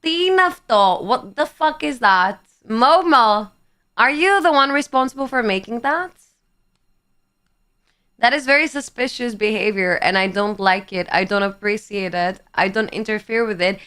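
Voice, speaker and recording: A woman's voice: fairly high pitch, normal speed, sharp tone, clear, resonant tone. A woman in her twenties, a livestreamer chatting casually with her viewers and reading out their comments in a playful, teasing way, swearing freely.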